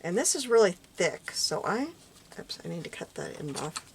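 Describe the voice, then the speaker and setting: A woman's voice: fairly low pitch, very animated, moderate pace. A woman losing her voice, musing aloud and often dropping to a murmur while she walks through a craft project at home. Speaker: craft vlogger. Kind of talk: casual crafting walkthrough. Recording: clear background noise.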